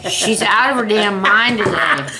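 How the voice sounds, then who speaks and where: A woman's voice: medium pitch, animated, a little slow. Wry woman teasing from beside the camera. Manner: wry, teasing sidekick remarks. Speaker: beauty channel co-host. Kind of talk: casual chat. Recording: echoey room with noticeable hiss.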